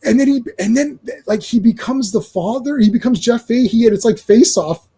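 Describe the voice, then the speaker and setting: A man hosting a casual movie podcast, talking in an excitable, rambling way with frequent laughs and swearing. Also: very high voice, normal speed, slightly rough. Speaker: podcast host. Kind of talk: casual movie review chat.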